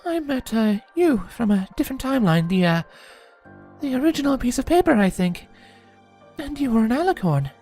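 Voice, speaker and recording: A woman's voice: a little high, very animated, moderate pace, warm tone, soft background music. A woman voicing a flustered, stammering female pony who grows drowsy and dreamy.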